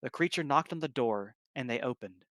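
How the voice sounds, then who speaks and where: A man's voice: mid-range voice, animated, brisk, fairly bright tone, dry recording. A man reading a story aloud on a live stream, casually breaking off to comment. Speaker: story reader, stream host.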